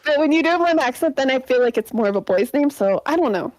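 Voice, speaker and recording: Bright-voiced woman podcast co-host, dry sound. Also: sits high, animated, fast talker, no room sound, poor audio. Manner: playful, giggly, rambling. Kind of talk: casual chat.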